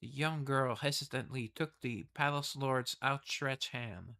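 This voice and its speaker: Western guy reading game text out loud, rambly, kinda bright tone. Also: medium pitch, a little slow. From the West. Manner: rambling, self-interrupting asides. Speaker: game streamer reading the story. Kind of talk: casual commentary and story reading.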